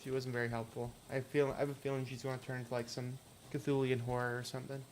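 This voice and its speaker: A man's voice: medium pitch, flat delivery, fast talker, darkish tone. A man casually streaming a game and talking through it in his ordinary mid-range voice. He is chatty and giggles often. A faint hum of room ambience sits behind him. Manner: chatty and giggly, reading game text aloud. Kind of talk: casual gameplay commentary.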